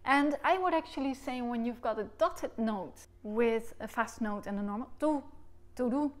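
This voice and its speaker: A woman with a somewhat high voice teaches recorder technique in an instructional video. She explains each point clearly and patiently. She breaks into sung syllables to show how the tongue should move. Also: moderate pace. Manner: demonstrates articulation by singing syllables.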